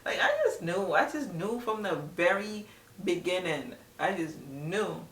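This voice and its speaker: A woman's voice: fairly low pitch, expressive, unhurried, recorded from a distance, slight background noise. A young adult woman chatting casually to camera as a vlogger, rambling with lots of "like". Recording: echoey room, voice a bit off-mic.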